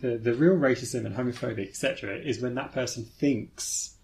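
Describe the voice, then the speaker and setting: Measured man on a podcast. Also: mid-range voice, gravelly, a little mellow, slight background noise. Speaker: podcast co-host. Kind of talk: casual chat.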